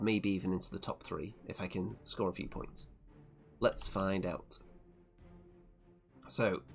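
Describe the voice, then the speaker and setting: A man narrating a tabletop wargame tournament report turn by turn, with a wry, self-deprecating play-by-play manner. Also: lowish voice. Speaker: tabletop wargame channel host.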